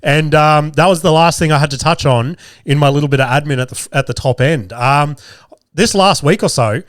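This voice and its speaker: A man's voice: on the high side, brisk, no echo, clean studio sound. A man in his thirties hosting a comedy podcast, rambling and swearing in casual chat, a bit nasal as he gets over a cold. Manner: profane, rambling, jokey. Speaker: podcast host.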